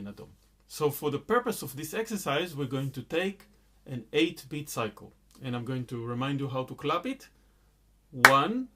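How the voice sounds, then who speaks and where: A middle-aged man teaching a rhythm lesson, explaining patiently with frequent fillers and chanting syllables and counts. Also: medium pitch. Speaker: music teacher.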